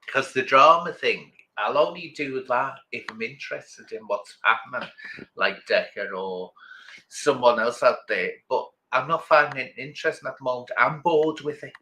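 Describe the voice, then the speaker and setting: A man's voice: medium pitch, normal speed, pushed and bright, low-quality recording. A middle-aged man, chatting casually with viewers on a livestream and rambling from one thought to the next. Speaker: livestream host.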